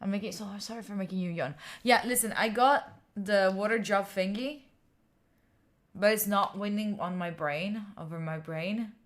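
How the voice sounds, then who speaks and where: A woman's voice: mid-range voice, moderate pace. Tired girl in her 20s rambling to her stream chat, lots of "like". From Italy. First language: Italian. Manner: rambling and chatty, reading and answering chat, lots of "like". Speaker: study streamer. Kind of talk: casual livestream chat.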